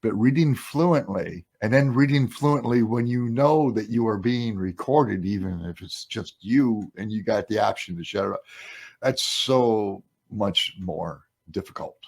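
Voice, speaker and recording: A man's voice: lowish voice, unhurried, a little mellow, slightly rough. A man hosting an interview, talking in a rambling, emphatic way that trails off and restarts. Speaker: podcast host. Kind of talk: casual interview chat.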